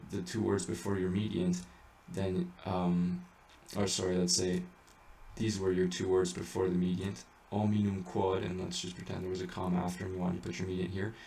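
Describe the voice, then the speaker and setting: A man teaching how to sing Latin chant tones, talking casually with halting explanations, many fillers and restarts. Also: low voice, monotone, creaky, mellow, distant mic. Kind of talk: informal spoken lesson with sung examples. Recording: echoey room, voice a bit off-mic, faint background noise.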